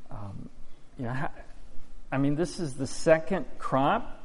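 Slow, earnest man in a reverberant hall. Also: medium pitch, expressive. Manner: earnest, halting storytelling. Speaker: farmer giving a testimony. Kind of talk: personal testimony to a congregation.

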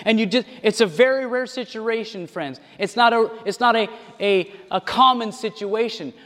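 A man preaching a sermon to a congregation, talking directly to them and acting out the voices of people he quotes. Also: high-pitched. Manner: animated, acts out quoted voices. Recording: long hall reverb.

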